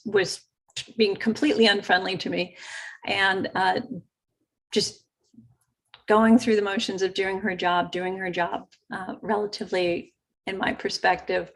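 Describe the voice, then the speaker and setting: A woman hosting a show, telling a personal story in a chatty, lively way and acting out the quotes. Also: medium pitch. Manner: chatty, animated retelling with acted quotes. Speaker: host. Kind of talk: casual storytelling.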